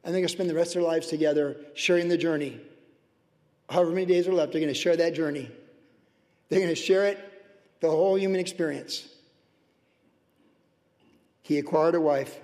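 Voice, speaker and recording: A passionate man preaching from the pulpit, his voice pitched high and swinging between fervent bursts and hushed, tender asides. The sermon carries a long, ringing church reverb. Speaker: pastor. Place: church sanctuary.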